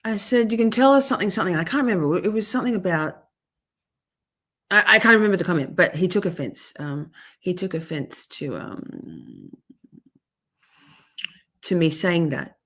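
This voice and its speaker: Her voice is fairly low and fairly bright, with a sing-song lilt, a normal pace, and frequent pauses. She's a young adult woman on a livestream, rambling, breaking into her own sentences, and swearing plenty as she vents about something personal. Along the way she thanks viewers in the chat, making it emotional personal stream talk.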